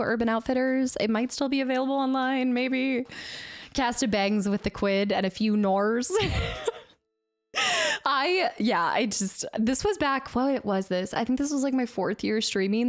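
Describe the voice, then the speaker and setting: A young woman streamer chatting casually with her viewers, bubbly and quick to laugh. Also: fairly high pitch. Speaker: variety streamer. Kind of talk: casual live-stream chat.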